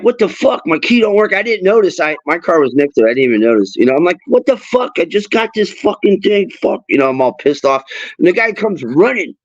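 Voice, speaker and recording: Animated swearing man telling stories. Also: fairly high pitch, dry recording. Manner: animated storyteller, swears freely, acts out voices. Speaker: host. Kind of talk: casual chat while fishing. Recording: dull lo-fi sound.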